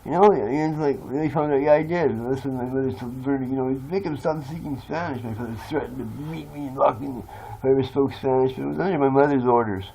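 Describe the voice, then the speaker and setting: A man's voice: mid-range voice, fast talker, vocal fry, hardly any pauses, mellow, slight background noise, rough recording. A man talking in a rambling, confessional monologue, blunt and swearing freely. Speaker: vlogger.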